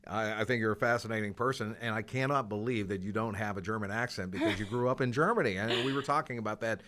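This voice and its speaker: A man's voice: fairly low pitch, quick pace. Chatty male college sports show host. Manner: relaxed, chatty, frequent fillers and restarts. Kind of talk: casual interview and sports news roundup.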